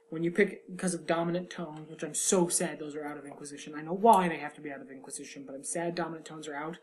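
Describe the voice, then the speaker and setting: A man's voice: a little high, a little hiss or hum. Wry, irreverent man co-hosting a podcast. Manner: wry, irreverent, quick storytelling. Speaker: podcast co-host. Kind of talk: casual podcast chat.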